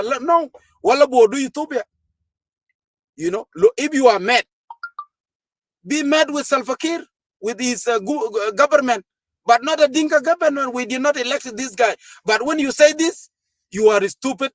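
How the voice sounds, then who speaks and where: Man, high voice, dry close sound, fiery party official asking rhetorical questions. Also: expressive, moderate pace, dry recording. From South Sudan. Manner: fervent, rhetorical questions, frequent hesitations. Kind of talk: impassioned political speech to a gathering.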